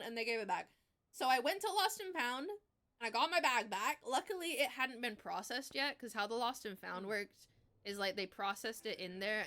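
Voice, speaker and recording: A woman in her twenties streaming live, telling a story in casual chat, animated, swearing freely and laughing as she goes. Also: medium pitch.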